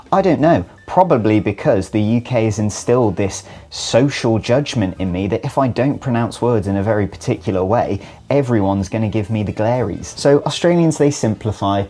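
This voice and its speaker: A man's voice: mid-range voice, a little mellow. A young British man with a British English accent, a vlogger and actor talking to camera in a playful, self-mocking, overdramatic way. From United Kingdom. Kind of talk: scripted vlog to camera.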